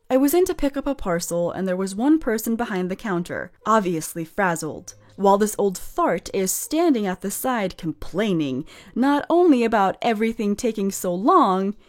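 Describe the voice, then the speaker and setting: Chatty woman with a lively voice. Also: mid-range voice. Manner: chatty, sarcastic asides. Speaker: story narrator. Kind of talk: reading stories with casual commentary.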